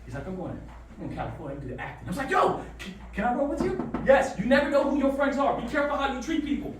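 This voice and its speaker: High, lively motivational speaker. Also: male voice, fast, noisy background. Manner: lively call-and-response storytelling. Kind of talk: motivational talk to students. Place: school classroom. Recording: echoey room from far off.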